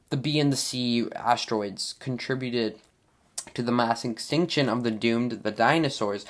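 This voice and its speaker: Rambling young podcast host. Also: male voice, medium pitch. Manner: rambling, stumbles over hard names, filler-heavy. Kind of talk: casual solo podcast talk.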